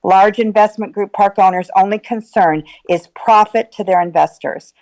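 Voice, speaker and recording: A woman's voice: medium pitch, normal speed, darkish tone. A woman giving public comment at a county meeting in a firm, earnest way.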